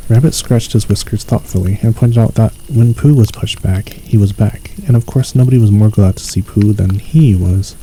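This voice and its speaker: Chill guy reading a bedtime story asmr, low mellow voice, no rush. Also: slight background noise, rough recording. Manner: calm, unhurried, lightly voicing each figure. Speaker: audiobook reader.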